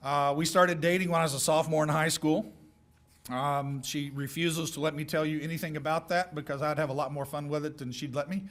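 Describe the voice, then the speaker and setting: A middle-aged man giving a folksy, joking speech of advice to high school seniors. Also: steady tone, brisk, a bit bright. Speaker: guest speaker.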